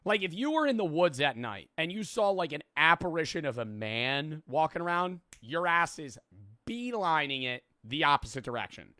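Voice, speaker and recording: A man streaming casual reaction chat, excitable and swearing often. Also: fairly high pitch, moderate pace, dry recording, clean studio sound.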